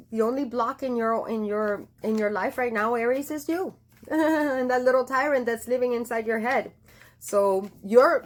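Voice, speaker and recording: A woman giving a casual tarot reading, chatty and affectionate, with many fillers and restarts. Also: fairly high pitch. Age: adult with a daughter. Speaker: tarot reader.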